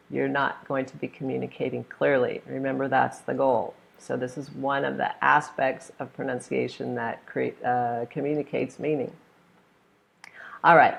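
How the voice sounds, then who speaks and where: Low-voiced American woman teacher with some vocal fry, drawing out words slowly to model stress. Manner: slow, exaggerated modelling of stressed syllables; acts out voices in her stories. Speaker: pronunciation teacher. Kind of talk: online pronunciation lesson.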